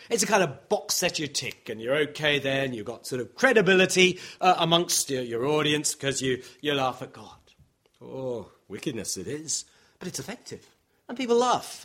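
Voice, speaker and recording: A man preaching a sermon, acting out the objections of his listeners and chuckling now and then. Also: mid-range voice. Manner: animated, acts out voices of listeners, occasional chuckles.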